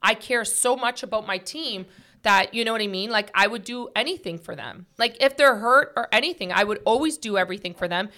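Bright-voiced chatty woman. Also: mid-range voice, brisk. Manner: earnest, talkative, many "like" and "right?" fillers. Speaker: podcast host. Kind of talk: casual heart-to-heart chat.

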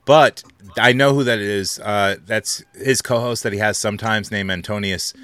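A man's voice: on the low side, steady tone, moderate pace, bright, forceful tone, clear, resonant tone. Laid-back, crude male podcast host. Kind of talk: casual chat.

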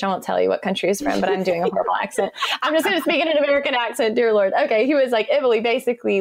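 A woman's voice: medium pitch, a little fast, dry recording, studio quality. A woman being interviewed on a podcast, telling workplace stories with enthusiasm and acting out quotes. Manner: enthusiastic, animated, acts out quotes. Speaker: podcast guest. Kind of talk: conversational interview storytelling.

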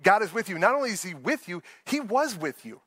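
A man's voice: high-pitched, sing-song, brisk, pushed and bright, dry recording. A man preaching an earnest, conversational sermon, often laughing and restarting his sentences. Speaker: pastor.

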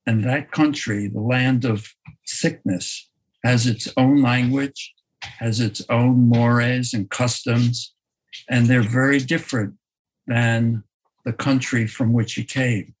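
A man, a photographer, talking in a slow, thoughtful way in an interview, often restarting his sentences and laughing softly. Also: mid-range voice, fairly even intonation, slightly rough, low-quality recording. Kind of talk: reflective conversational interview.

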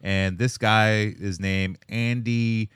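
A man's voice: fairly low pitch, fairly even intonation, slow pace, a bit bright, smooth, no echo. A man co-hosting a podcast in a casual chat, dry and offhand with hesitant fillers. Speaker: podcast co-host.

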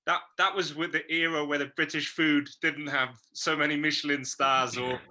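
Bright-voiced male interviewer. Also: a little high, flat delivery, moderate pace. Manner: short prompting questions. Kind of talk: casual interview.

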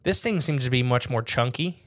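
A man co-hosting a casual podcast, rambling and joking, slowing down to stress details. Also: medium pitch, lively intonation, fairly bright tone, no echo, clean studio sound. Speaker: podcast co-host.

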